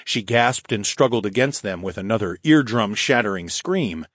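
A man narrating a first-person fantasy audiobook in a steady, even storytelling manner. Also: lowish voice, moderate pace, no room sound, clean studio sound.

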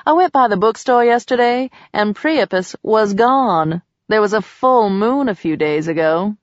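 A woman's voice: medium pitch, lively intonation, unhurried, dry recording, lightly acted. A woman voicing a playful young woman who teases and coos, in a slightly muffled recording. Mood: teasing. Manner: teasing, cooing. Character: playful teasing young woman, lively aunt.

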